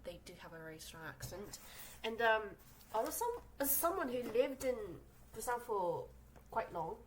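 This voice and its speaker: A fairly high-pitched, sing-song voice at normal speed comes through a rough recording with a little hiss or hum. The speaker is a young South Korean woman hosting a casual solo podcast in her second language, English, from her small room, rambling with lots of fillers and restarts.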